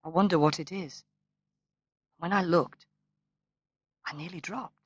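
A man voicing an anxious, tearful young woman who tells what happened in an upset, hurried way, in a storybook reading. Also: a little high, husky, no room sound, voice pushed up. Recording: dull, lo-fi, dry recording.

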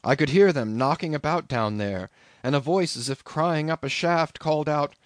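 A man voicing a haunted young sailor, quiet and low. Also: moderate pace, no echo, lightly acted. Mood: hushed, haunted. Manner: quiet, flat, low-voiced telling. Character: shaken young male sailor, hollow and haunted.

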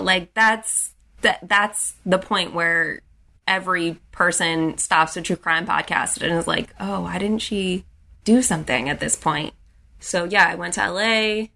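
A woman's voice: medium pitch, bright, forceful tone. A young adult woman recounting a personal story in a casual way, with frequent "like" and restarts.

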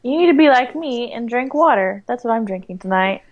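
Woman co-host, higher voice, teasing and playful. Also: animated, fairly quick, lo-fi sound, a loud crowd. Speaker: podcast co-host. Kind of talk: casual chat.

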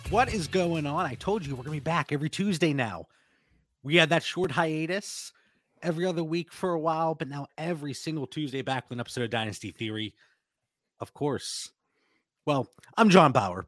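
A man's voice: a little high, expressive, a bit bright, dry recording. A male podcast host with a slightly raised voice, chatting loosely and poking fun at himself. The sound is dry and close. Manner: chatty, self-deprecating, quick asides. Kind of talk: casual podcast chat.

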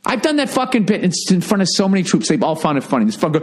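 A stand-up comedian telling a profane anecdote, ranting indignantly with heavy swearing. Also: male voice, on the high side, expressive, fast, hardly any pauses.

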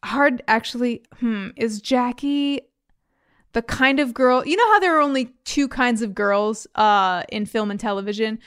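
Woman, podcast co-host, playful teasing, somewhat high, clean close sound. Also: measured pace, a bit bright, clear, resonant tone, no room sound. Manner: playful, teasing, rambling asides. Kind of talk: casual chat recapping a TV episode.

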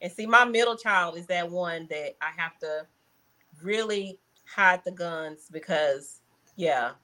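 A woman's voice: fairly low pitch, slow, bright, forceful tone. A middle-aged woman in casual chat, opinionated and emphatic, laughing often.

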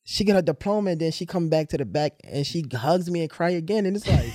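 A young man hosts a podcast, telling stories with lively acted-out dialogue. His voice sits a little high for a man, recorded close and dry with no room around it. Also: quick pace, few pauses, no room sound. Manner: animated storyteller, acts out dialogue. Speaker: podcast host. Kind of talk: casual storytelling chat.

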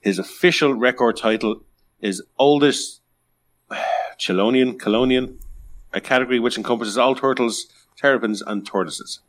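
A man's voice: medium pitch, moderate pace. A man co-hosting a podcast in casual chat, joking, swearing and reading news items aloud. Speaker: podcast co-host.

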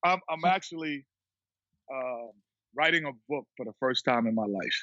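A man being interviewed who tells a story in a lively way, laughing and acting out what other people said. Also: mid-range voice, moderate pace, no room sound, muffled recording. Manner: animated storyteller who acts out quotes, laughs often. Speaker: guest, former basketball player and TV analyst. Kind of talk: casual storytelling chat.

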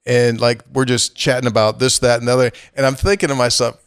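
A man's voice: mid-range voice, little pitch movement, quick pace, clear, resonant tone, no echo. Male co-host, playful, puts on voices, dry close sound. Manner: playful, asks questions, acts out voices. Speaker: podcast co-host. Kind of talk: casual podcast chat.

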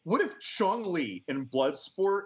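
Male podcast co-host, slightly high voice, meandering casual riffing. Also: big pitch swings, slow pace. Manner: rambling, hesitant, laughs at own riffs. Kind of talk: casual chat.

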